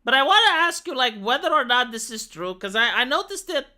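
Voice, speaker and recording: A Romanian woman with a high, sharp voice and big pitch swings rants briskly on a casual livestream. She is exasperated and profane, swearing often and restarting her sentences with lots of fillers.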